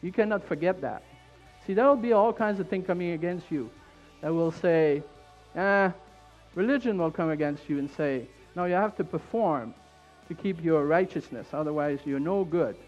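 A man with a French Canadian accent preaching a fervent sermon in church, repeating his points and building up to shouts. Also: a little high, normal speed, muffled recording, soft background music.

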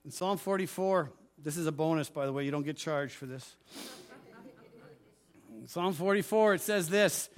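A male pastor preaching a sermon, moving between forceful commands and quieter asides, and often asking the congregation if they follow. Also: a little high, moderate pace, pauses often. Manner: preaching with rising fervor, commanding declarations; asks the congregation for responses.

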